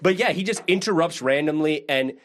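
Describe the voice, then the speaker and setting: A man's voice: on the high side, a little fast, a bit bright, a little hiss or hum. A man co-hosting a podcast, talking casually and chuckling as he explains a board game. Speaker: podcast co-host. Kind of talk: casual chat.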